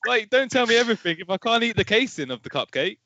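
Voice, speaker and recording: Slightly high guy, giggly self-mocking, background noise. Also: very animated, fast, muffled recording. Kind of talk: casual storytelling chat.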